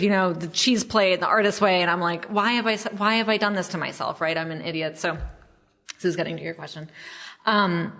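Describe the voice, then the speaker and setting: Her voice sits low and is a bit bright. She is a memoir author being interviewed on a podcast, and the talk is casual and chatty, self-deprecating, and full of fillers.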